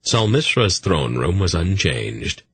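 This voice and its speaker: A man narrating a fantasy audiobook with a deep, husky voice. He reads slowly, with lively, expressive pitch, and the sound is close and dry. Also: no room sound. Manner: measured storytelling.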